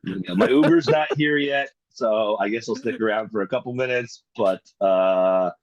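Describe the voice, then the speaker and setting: A man's voice: lowish voice, normal speed, no echo, lo-fi sound. A man co-hosting a podcast, teasing his partner in casual banter with sarcastic, profane jabs. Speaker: podcast co-host.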